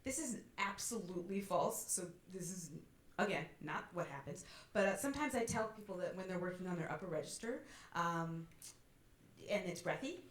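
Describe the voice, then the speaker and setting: A woman's voice: on the low side, animated, normal speed. A woman voice teacher coaching a student in a master class, encouraging and demonstrating as she goes. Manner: encouraging, demonstrates with sung sobs. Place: college teaching hall. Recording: roomy hall with faint ambience.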